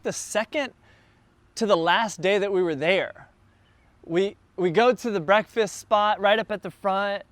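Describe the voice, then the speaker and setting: A man who is a church planter, telling a casual, animated story to a group gathered in a backyard. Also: high-pitched, no room sound. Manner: animated, builds excitement as the story goes on. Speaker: church planter addressing his launch team.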